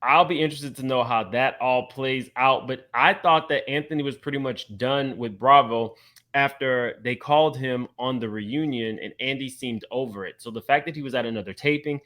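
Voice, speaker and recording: A man hosting a casual reality-TV gossip commentary, chatty and quick to laugh, talking straight to his viewers. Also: mid-range voice, sharp tone. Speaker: commentary channel host.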